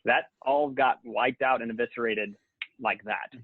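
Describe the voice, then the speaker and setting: A man's voice: mid-range voice, steady tone, moderate pace, no room sound. A man on a video-call panel, sharing thoughts on leadership in a casual, thoughtful way. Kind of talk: panel webinar talk. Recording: tinny dry phone-like call audio.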